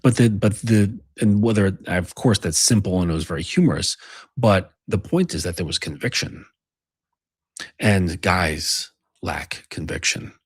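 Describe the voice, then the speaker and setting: A man's voice: deep voice, animated, a little slow, husky, no echo, clean studio sound. A man delivering a rambling, profane monologue as a men's coach. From United States. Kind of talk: casual monologue.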